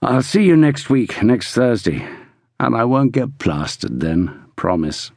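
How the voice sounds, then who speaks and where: A man's voice: mid-range voice, big pitch swings, a little slow, creaky, darkish tone, no echo, clean studio sound, heavily acted. A male narrator voicing a breezy, teasing young British army soldier in an audiobook. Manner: breezy, joking.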